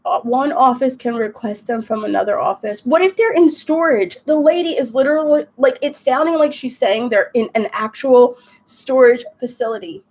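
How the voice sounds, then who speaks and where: High-voiced woman ranting on a live stream. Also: moderate pace, few pauses, darkish tone. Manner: ranting, exasperated, chatty. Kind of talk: casual chat while crafting.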